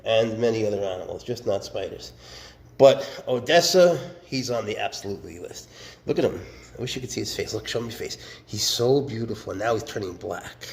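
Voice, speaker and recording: A man chatting casually while he handles his snakes, cooing at them and often dropping to a hushed murmur. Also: on the low side, animated, fairly quick, gravelly. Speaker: snake keeper vlogger.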